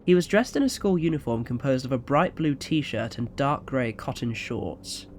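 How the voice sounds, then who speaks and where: A man narrating an audio story in a quiet, even storytelling manner. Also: mid-range voice, normal speed, slight background noise.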